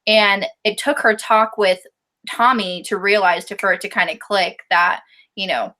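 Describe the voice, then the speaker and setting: A woman's voice: mid-range voice, steady tone, measured pace, bright, forceful tone. A woman co-hosting a casual book discussion, chatty, with frequent laughs and fillers. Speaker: book review co-host.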